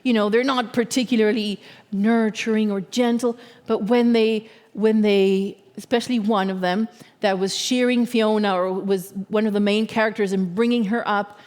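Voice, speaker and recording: A woman giving a sermon as a guest speaker in a church, talking in an earnest, measured way and often checking in with her listeners. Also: mid-range voice, fairly even intonation, a little mellow, big-room sound. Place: church sanctuary.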